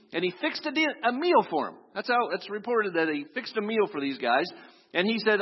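A man's voice: sits high, big pitch swings, fairly quick, breathy edge. A man preaching a sermon, telling a story and acting out the voices of its people. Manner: storytelling, acts out quoted voices. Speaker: pastor. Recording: echoey hall, dull lo-fi sound.

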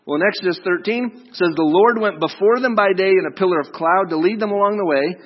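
A man's voice: sits high, fast, hardly any pauses. A male preacher retelling a story in a sermon, conversational and joking, with asides to his listeners. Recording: dull lo-fi recording.

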